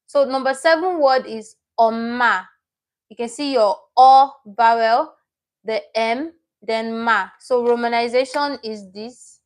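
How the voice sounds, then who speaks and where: A woman's voice: fairly high pitch, slow pace. A woman teaching a live online language lesson, patient and repeating each word as she explains it step by step.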